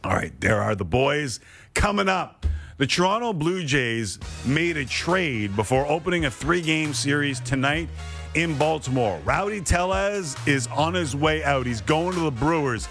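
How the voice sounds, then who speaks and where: A man hosting a sports talk show, moderating a panel with brisk, joking quiz-style questions. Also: fairly high pitch, expressive, a bit bright, soft background music.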